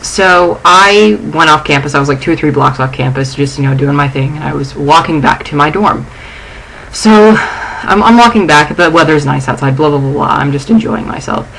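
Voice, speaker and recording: A young woman vlogging from her dorm room. She is shaken and angry, and her speech is halting and full of restarts. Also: sits low, animated, gravelly, a bit bright, slight background noise, rough recording. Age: young adult. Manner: agitated, halting, restarting sentences. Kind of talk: casual vlog.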